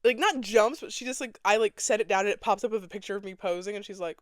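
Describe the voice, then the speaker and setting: Young woman host, casual dramatic storyteller with sass, smooth voice, dry close sound. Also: mid-range voice, fast talker, no room sound. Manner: dramatic, sassy, acts out other people's lines. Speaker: podcast host.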